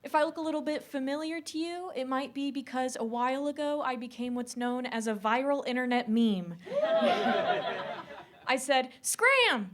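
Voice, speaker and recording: A woman's voice: high-pitched, fairly even intonation, normal speed, slight background noise. A woman comedian opening a stand-up set in a laid-back way, laughing between lines.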